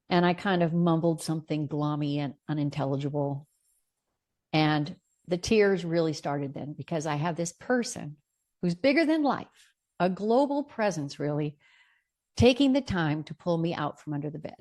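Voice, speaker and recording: A middle-aged woman telling a personal story in an earnest, expressive way, partly reading aloud from her own notes. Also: deep voice, normal speed. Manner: earnest, expressive, with bright lifts into quoted lines. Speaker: storyteller sharing a personal memoir.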